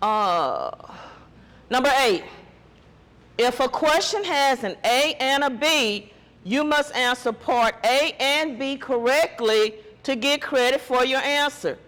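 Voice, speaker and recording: Man teacher, call-and-response test prep, slow unhurried delivery, reverberant hall sound. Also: extremely high pitch, expressive, pushed and bright. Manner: quizzing students with call-and-response questions. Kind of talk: classroom test-prep lesson.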